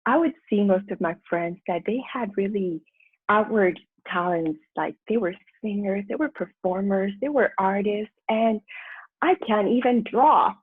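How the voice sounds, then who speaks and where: A woman with a husky, breathy voice tells her story chattily on a remote call, quick to laugh and voicing her own old thoughts aloud. The sound is thin and phone-like, bone dry with no room around it. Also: mid-range voice, no room sound. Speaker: guest, personal transformation mentor. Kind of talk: candid storytelling interview.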